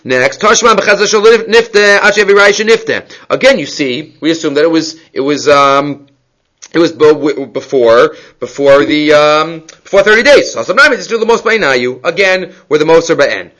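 A man's voice: a little high, expressive, normal speed, fairly bright tone. A man teaching a Talmud class, explaining the text step by step, asking rhetorical questions and often restarting phrases. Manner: explains text step by step, mixing Hebrew-Aramaic terms into English.

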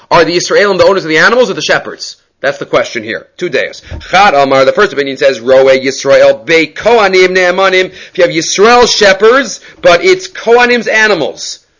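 Male Talmud teacher, slightly high voice, chants the text and then explains it in quick, animated English. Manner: mixes Aramaic quotes with lively English explanation. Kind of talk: Talmud study lesson.

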